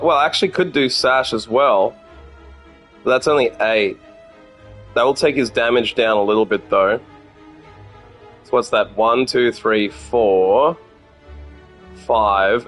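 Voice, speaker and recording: A man's voice: medium pitch, a bit bright. Brief: Australian man in his thirties, swearing casual game streamer, faint music behind. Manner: thinks aloud, swears freely, chats with viewers. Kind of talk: casual gameplay commentary.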